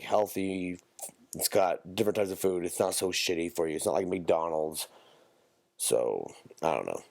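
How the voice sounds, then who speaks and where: A man's voice: deep voice, gravelly, darkish tone. A man hosting a casual solo podcast, rambling and profane, his voice run through auto-tune. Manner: profane, rambling, swings between mock rage and mumbling. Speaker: podcast host.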